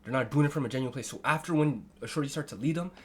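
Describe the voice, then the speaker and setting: Excitable swearing male streamer. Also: medium pitch, rapid-fire, a little hiss or hum. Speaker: streamer reacting to a video. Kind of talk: casual reaction chat.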